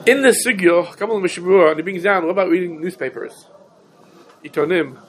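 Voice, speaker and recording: High-voiced man teaching a shiur. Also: a little fast, a little hiss or hum, low-quality recording. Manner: rhetorical questions, emphatic repetition, Yiddish-Hebrew terms. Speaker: Torah teacher. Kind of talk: Talmudic shiur lecture.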